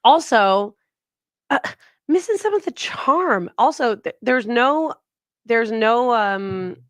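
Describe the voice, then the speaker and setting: Slow and smooth, a woman's higher-pitched voice carries a story on a podcast she co-hosts, chatting casually while playing out each character's lines with lively energy. The recording is dry.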